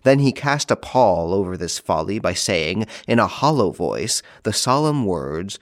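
A man reading a classic novel aloud in a measured, formal narration. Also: low voice, sing-song, no room sound, clean studio sound. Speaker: audiobook narrator. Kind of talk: scripted narration.

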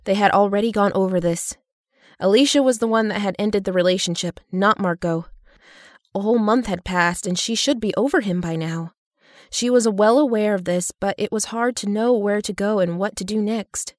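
A woman narrating an audiobook in an even, steady storytelling manner. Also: mid-range voice, normal speed, dry recording, studio quality.

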